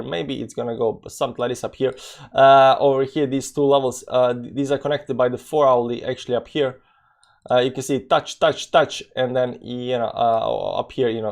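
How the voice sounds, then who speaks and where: A man live-streaming, casually greeting his chat and talking through a price chart, with loose, rambling non-native English phrasing and lots of fillers. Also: medium pitch. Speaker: crypto trading live-streamer.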